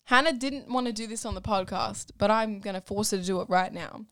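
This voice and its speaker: A woman's voice: medium pitch, brisk, fairly bright tone, dry recording, clean studio sound. A young woman co-hosting a podcast with her twin sister, chatting casually with frequent restarts. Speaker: podcast co-host. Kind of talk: casual chat.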